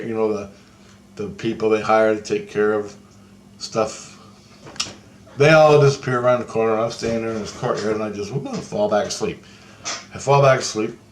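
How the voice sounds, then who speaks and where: A man's voice: on the low side, a little hiss or hum. A man telling a rambling first-person account of a vision, profane and awestruck. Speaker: storyteller recounting a vision.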